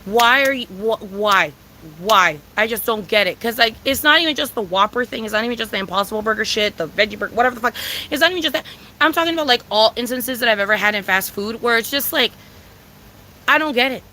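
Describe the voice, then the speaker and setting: A woman's voice: on the high side, fast talker, pushed and bright, a little hiss or hum, rough recording. A young woman vlogger telling a rant in a casual storytime style, profane and exasperated, full of "like" and "bro". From San Diego, California.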